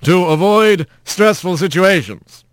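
A man's voice: sits high, lively intonation, slow pace, dry recording, studio quality, voice pushed up. A man voicing a male animal prosecutor who asks formal, leading questions.

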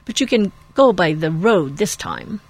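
A stubborn old hobbit farmer spins his tale slowly and folksily, as a woman reads him aloud. The voice sits fairly low with a husky edge. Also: huge pitch swings, a little mellow, heavily acted. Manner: slow relish, folksy storytelling. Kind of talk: reading aloud on radio.

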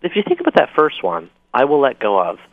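A man, an author calling in to a talk show, explaining his ideas with upbeat enthusiasm and quick jokes. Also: medium pitch, huge pitch swings, no echo. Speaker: author guest. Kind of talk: call-in interview. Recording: dull dry phone-in line.

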